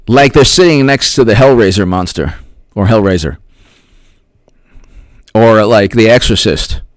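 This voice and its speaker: A man talks straight into a close mic on a livestream, his pitch swinging widely as he fires off rhetorical questions and repeats himself for emphasis. The sound is dry and close, with no room around it. He stops often to thank viewers by name. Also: dry recording. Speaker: political commentary livestream host. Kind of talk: casual livestream commentary, reading chat.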